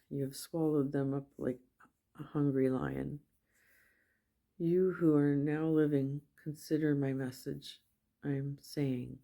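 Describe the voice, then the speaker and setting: A woman reading scripture aloud at a steady pace, with small slips and self-corrections. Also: sits low. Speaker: Bible reader.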